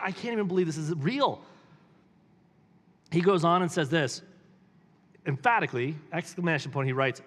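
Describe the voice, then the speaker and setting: A man's voice: sits high, a bit bright, big-room sound. A man reading a book aloud and commenting on it, with emphatic rising questions between quotes. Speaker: pastor.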